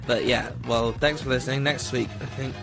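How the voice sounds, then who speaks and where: Gravelly-voiced young man chatting casually. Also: mid-range voice, fairly even intonation, brisk, over music. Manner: laughs often, rambling and self-deprecating. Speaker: podcast co-host. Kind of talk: casual chat.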